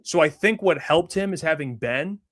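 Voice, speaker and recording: A man's voice: fairly high pitch, animated, normal speed, a bit bright. A man hosting a sports talk show, giving blunt, skeptical opinions in casual chat with frequent restarts.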